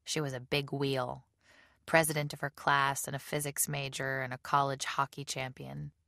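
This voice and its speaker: A woman reading a novel aloud as an audiobook narrator, in measured storytelling. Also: extremely low pitch, level tone, gravelly, bright, forceful tone, dry recording, studio quality. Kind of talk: scripted narration.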